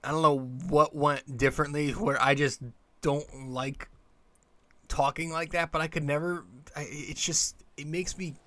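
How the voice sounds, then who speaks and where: A man's voice: fairly high pitch, fairly even intonation, a little slow, bright, forceful tone, dry recording. A young man hosting his own podcast, rambling casually with lots of fillers and restarts. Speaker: podcast host. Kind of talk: casual solo podcast monologue.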